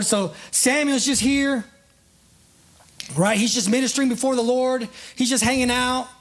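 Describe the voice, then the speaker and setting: A preacher delivering a relaxed sermon in plain conversational speech. The talk leans on "right?" and "you know", and listeners get pulled up to act out the scene. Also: medium pitch. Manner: casts listeners in live illustrations.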